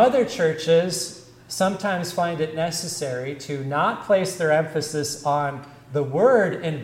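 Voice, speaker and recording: A male Lutheran pastor preaching a sermon, explaining scripture in a measured, deliberate teaching manner. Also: fairly high pitch, darkish tone, roomy sound, low-quality recording.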